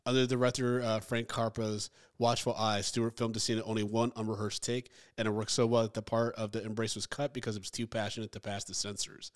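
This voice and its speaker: A man's voice: lowish voice, flat delivery, fast talker, hardly any pauses. Jokey man co-hosting a film podcast. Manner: jokey, reads out trivia, acts out scenes. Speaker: podcast co-host. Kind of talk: casual movie-review chat.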